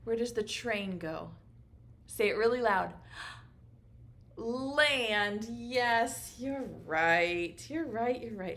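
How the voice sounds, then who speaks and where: A woman teaching a virtual preschool circle time, speaking slowly and encouragingly in an exaggerated sing-song manner. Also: on the high side, lively intonation, fairly bright tone. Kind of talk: virtual circle-time lesson for young children.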